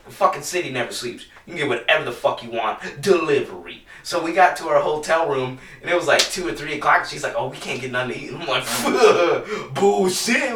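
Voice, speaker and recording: Casual podcast guy, bright forceful voice, swears a lot, rambles, set back from the mic. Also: medium pitch, echoey room, far from the mic. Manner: rambling, profane storytelling with lots of "dude". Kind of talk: casual chat.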